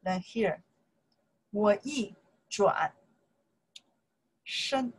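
A woman's voice: medium pitch, extremely slow, slightly rough, low-quality recording. A woman with a Chinese accent, a native Chinese speaker teaching a language lesson in simple English, explaining grammar and repeating phrases.

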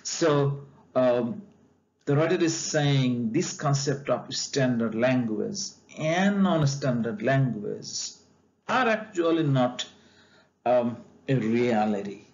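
A man explaining a textbook chapter like a lecture, speaking deliberately with frequent pauses, fillers and restarts. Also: medium pitch, lively intonation, darkish tone, highs cut off.

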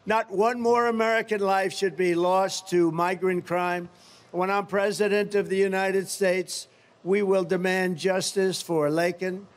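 A man with a high-pitched voice speaks at a campaign rally in a steady tone and at a measured pace. The political candidate rambles, repeats himself, and drops boastful asides.

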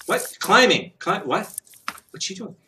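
Bright-voiced man hosting trivia. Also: high-pitched, sing-song, slight background noise, poor audio. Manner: upbeat, quick guesses with stumbling restarts. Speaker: game show host.

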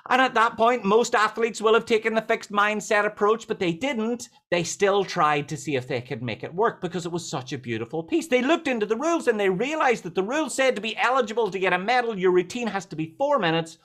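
A man giving a motivational talk on a video call, telling stories with lively jokes. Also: sits high, fairly quick, hardly any pauses. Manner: lively, joking storyteller. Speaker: speaker.

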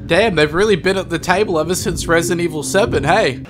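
A man doing excited game commentary, yelling and laughing as he plays. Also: fairly high pitch, fast. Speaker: gaming YouTuber. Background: game music.

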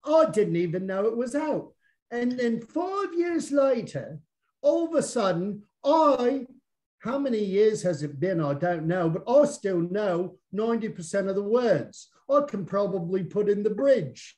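A man's voice: high-pitched, expressive, a little slow, a little mellow. A man hosting a casual interview, bantering in a put-on Cockney accent. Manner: jokey, bantering. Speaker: podcast host.

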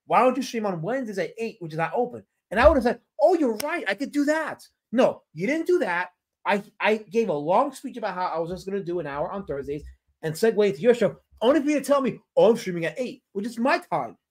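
A man streaming live, reading out chat comments in a casual, teasing, mock-dramatic way. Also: on the high side.

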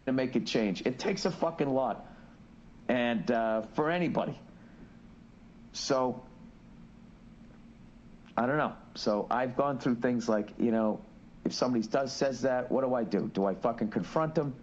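A comedian rants in a loose, rambling podcast manner, swearing freely and restarting his thoughts as he goes. His voice sits at an ordinary middle pitch for a man. The audio is muffled and lo-fi, as if played from a clip. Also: a little slow, long pauses, darkish tone, slight background noise. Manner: profane, rambling, restarts often.

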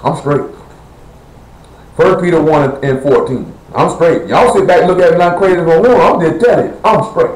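A man's voice: a little high, fast talker, few pauses, a little mellow. Blunt preacher man in an echoey room. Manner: blunt, conversational, quizzes the congregation. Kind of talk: sermon. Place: church assembly hall.

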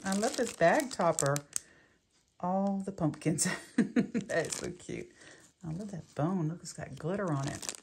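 A woman's voice: lowish voice, animated, measured pace, a little mellow. A woman chatting through a craft unboxing, gushing and giggly. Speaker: crafting vlogger. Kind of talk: casual unboxing chat. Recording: clear background noise, paper crinkling.

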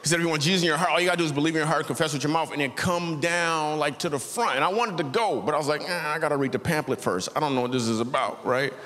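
Racing with few pauses, his voice a little high, pushed and bright, a thirtysomething comic tells a story and acts out voices in a church. A little hiss or hum is audible. The large auditorium echoes with faint ambience.

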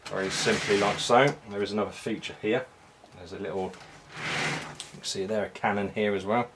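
Male hobbyist, lowish voice, relaxed halting show-and-tell, faint room hiss. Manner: unhurried, halting, many ums and restarts. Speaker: toy reviewer. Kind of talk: casual product walkthrough.

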